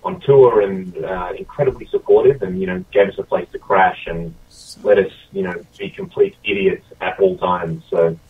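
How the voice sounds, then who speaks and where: A man with an Australian accent, a band member calling in to a radio show, chatting in a relaxed way. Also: low voice, moderate pace, distant mic, phone-quality sound. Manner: laid-back, laughing. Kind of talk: phone-in interview chat.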